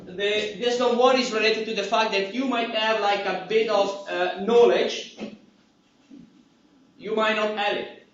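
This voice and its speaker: A man's voice: high-pitched, steady tone, measured pace, fairly bright tone, roomy sound, recorded from a distance, lo-fi sound, slight background noise. A man with an Italian accent giving a university lecture in a chatty way, repeating key words and checking in with "right?". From Italy. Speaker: university instructor. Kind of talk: lecture to a class. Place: lecture hall.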